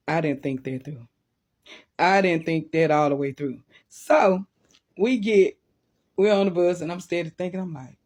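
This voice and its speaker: Husky woman, casual animated storyteller, laughs often. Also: medium pitch, normal speed. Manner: animated, laughing, vivid sound effects.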